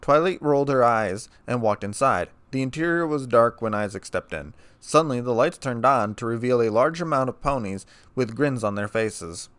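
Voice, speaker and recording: Male narrator for a fan story reading: mid pitch, very dry close sound. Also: expressive, moderate pace, hardly any pauses, a bit bright, smooth, dry recording.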